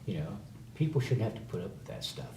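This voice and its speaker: A man speaking in a measured, soft-spoken way at a community meeting. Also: fairly low pitch, sing-song. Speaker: board member at a community meeting. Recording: distant mic in an echoey room with noise.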